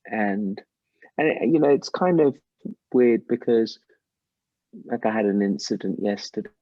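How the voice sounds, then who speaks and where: A middle-aged man with an English accent, a musician guest telling stories with animated voice jumps. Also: measured pace, dry recording, lo-fi sound. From England. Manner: animated storyteller, mimics voices with big pitch jumps. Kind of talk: casual interview over a call.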